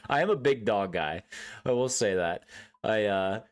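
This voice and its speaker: A young man with a voice sitting a little low chats casually while he games. His talk rambles and swears freely, and he laughs often and acts out loud outbursts. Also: expressive, normal speed. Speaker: streamer. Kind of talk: casual chat while gaming.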